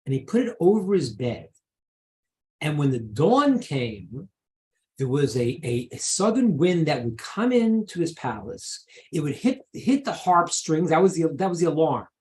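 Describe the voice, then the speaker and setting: A middle-aged man speaks as a rabbi teaching over a video call. His pitch swings widely as he stresses points, and he often repeats words while he builds an idea. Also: unhurried. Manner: animated, repeats words, lively emphasis.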